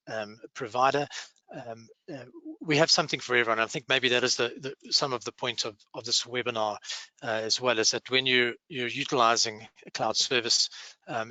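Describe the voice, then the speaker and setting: A man with a South African accent introducing a webinar, halting with many fillers and restarts over a video call. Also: mid-range voice, sharp tone, no echo, rough recording. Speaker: webinar host from a cloud services firm.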